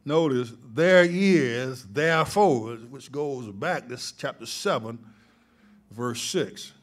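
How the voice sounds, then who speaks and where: Slow-preaching pastor with rising swells. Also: male voice, medium pitch. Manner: preacherly, building from calm teaching to rising emphatic swells. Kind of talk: sermon.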